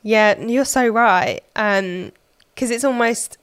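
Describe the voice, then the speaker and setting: A woman's voice: a little high, slow pace, clean tone, no room sound. A woman hosting a podcast, chatting casually and thinking aloud with plenty of fillers.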